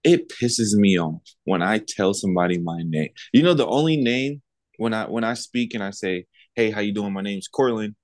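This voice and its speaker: A man's voice: moderate pace, no echo. A man co-hosting a podcast, telling stories in casual chat and mimicking other people in raised voices. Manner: animated storytelling, mimics others in high voices. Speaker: podcast co-host.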